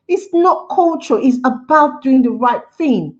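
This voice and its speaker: A woman's voice: high-pitched, expressive, measured pace, highs cut off. A woman hosting a casual livestream, giving an emphatic opinion, repeating her points and talking to viewers. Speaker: livestream host. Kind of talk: casual live-stream commentary.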